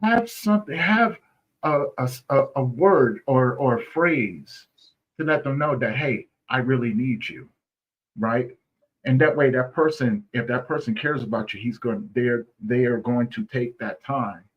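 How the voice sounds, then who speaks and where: Husky-voiced man talking earnestly. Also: mid-range voice, unhurried, dull audio. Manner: earnest, repeats "right?" often, restarts phrases. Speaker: guest. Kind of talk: conversational interview.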